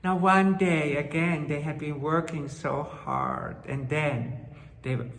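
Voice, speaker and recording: A woman telling a folktale to children, dramatic and slow, with gasps and hushed asides. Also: deep voice, steady tone, a little hiss or hum. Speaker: storyteller. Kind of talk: children's storytelling. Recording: roomy hall with long reverb.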